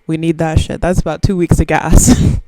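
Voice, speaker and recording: A woman's voice: low voice, flat delivery, normal speed, dark tone, no room sound, rough recording. A woman, rambling through a profane, self-mocking solo podcast chat very close to the microphone. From Southern US. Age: 20s. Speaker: podcast host.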